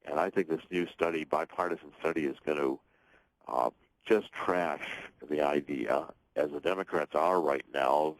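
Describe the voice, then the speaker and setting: A man's voice: very deep voice, normal speed, no room sound, rough recording. A man speaking as a guest author and political commentator on a radio talk show, talking emphatically in long runs with frequent restarts.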